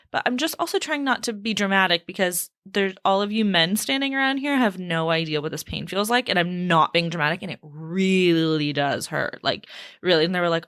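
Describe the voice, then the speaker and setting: A young woman hosting a casual solo podcast from a small home studio, talking in a chatty, animated way. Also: fairly low pitch, fairly quick, no room sound. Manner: chatty and animated, with big swoops up for quoted voices. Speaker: podcast host.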